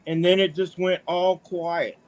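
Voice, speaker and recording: Chatty middle-aged man with a higher voice. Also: little pitch movement, a little slow. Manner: chatty, folksy, says "man" often. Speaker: caller. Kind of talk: casual storytelling.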